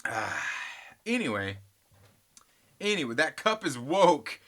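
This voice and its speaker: Bright-voiced man in a rambling vlog. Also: medium pitch, big pitch swings, takes it slowly. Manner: joking, teasing, rambling with restarts; addresses viewers directly as guys. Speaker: comic book channel host. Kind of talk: casual rambling vlog chat.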